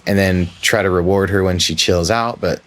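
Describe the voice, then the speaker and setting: Low-voiced man telling a candid story. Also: fairly even intonation, moderate pace, fairly bright tone. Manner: candid, rambling, self-reflective. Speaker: podcast host. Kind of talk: casual storytelling.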